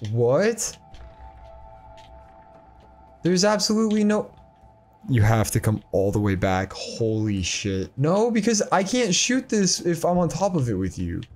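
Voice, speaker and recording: Teasing young man, lively pitch. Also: measured pace, pauses often. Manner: joking, teasing, bursts into shouts. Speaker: gaming YouTuber. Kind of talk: casual let's-play commentary. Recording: voice over game music.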